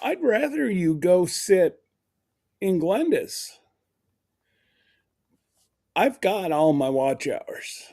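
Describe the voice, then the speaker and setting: An unhurried livestream host talks through the new year, wandering from thought to thought with frequent laughs. The voice rises and falls a lot and stays relaxed throughout. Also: medium pitch. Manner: rambling, laughs often, greets viewers by name. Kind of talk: casual livestream chat.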